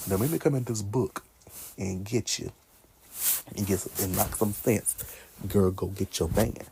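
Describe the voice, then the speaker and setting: Gravelly low-voiced young man. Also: unhurried, noisy background. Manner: animated, talks back to characters, laughs often. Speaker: vlogger ranking favorite movies. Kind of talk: casual chat.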